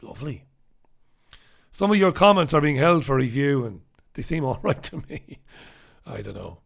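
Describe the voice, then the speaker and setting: A man's voice: medium pitch, big pitch swings, normal speed, vocal fry. An Irish man hosting a solo newspaper review show, talking bluntly and sarcastically with profane asides while he reads out viewers' comments. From Ireland. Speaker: host. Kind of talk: solo news review show, reading live chat comments.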